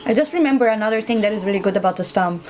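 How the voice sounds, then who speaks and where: A woman's voice: mid-range voice, animated, very fast, a little mellow. A woman chatting casually to herself while reacting to a film at home, muttering asides as she watches. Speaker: movie reaction host. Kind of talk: casual movie reaction commentary. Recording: noisy home recording with background hiss.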